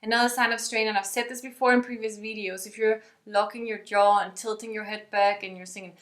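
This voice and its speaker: A woman's voice: medium pitch, little pitch movement, a little fast. A young woman giving a friendly vocal lesson to camera as a singing teacher. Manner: friendly, demonstrates sung and yelled examples.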